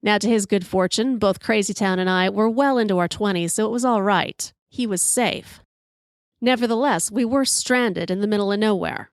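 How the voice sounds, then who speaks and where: A woman in her fifties hosting a podcast, telling a story in an animated, profane way and acting out the quotes. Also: medium pitch, moderate pace, no room sound, clean studio sound. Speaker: podcast host. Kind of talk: storytelling monologue.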